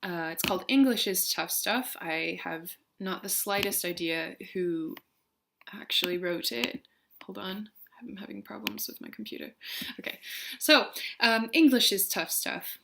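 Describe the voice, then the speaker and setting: A woman's voice: medium pitch, a little slow, creaky, fairly bright tone. Chatty young woman with a mid-range voice, reading single words one at a time and then drifting into easygoing asides. Her talk is full of ums and little laughs. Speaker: vlogger. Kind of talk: reading a word list and poem, casual chat.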